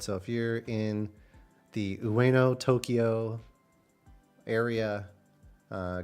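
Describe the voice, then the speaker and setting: A young man from Texas, a streamer casually telling a story and acting out the people in it with big voice jumps. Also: lowish voice. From Texas, USA. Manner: animated, acts out quotes with big voice jumps.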